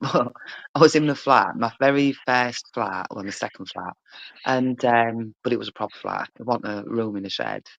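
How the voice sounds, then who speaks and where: A woman's voice: rumbling low, moderate pace, vocal fry, dry recording, dull audio. A woman chatting casually, rambling through sweary anecdotes. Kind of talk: casual chat.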